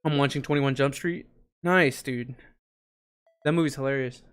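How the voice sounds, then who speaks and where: A man's voice: mid-range voice, moderate pace, smooth. A young man hosting a casual live stream, hyped and greeting viewers by name. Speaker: livestream host.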